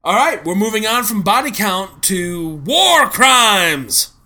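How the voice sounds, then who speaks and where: A man's voice: high-pitched, expressive, normal speed, bright, forceful tone, faint music behind. A man hosting a casual panel chat, leading the segments with a joking manner. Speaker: podcast host.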